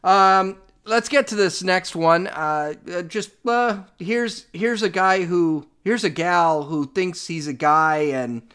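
A middle-aged podcast host plays clips and gives blunt, sarcastic, opinionated commentary on them, repeating himself as he argues. His voice sits high, a bit bright, clear and resonant, and he speaks slowly with few pauses.

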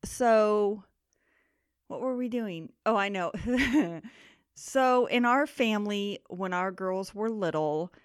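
A woman's voice: medium pitch, slow pace, smooth, no room sound. Woman cohost chatting on a podcast, laughs a lot, dry close mic sound. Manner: laughs often while telling stories. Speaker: podcast co-host. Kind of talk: casual chat.

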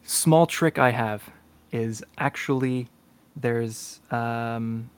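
A man's voice: mid-range voice, very slow, clear, resonant tone. A man co-hosting a casual podcast chat, hesitant with lots of fillers, often laughing. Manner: hesitant, many ums and uhs, laughs often. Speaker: podcast co-host and player.

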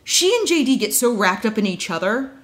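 A woman's voice: on the high side, big pitch swings, a little hiss or hum. A woman co-hosting a podcast, recapping a TV episode in casual chat with wry asides. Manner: chatty, wry asides, quick quoted voices.

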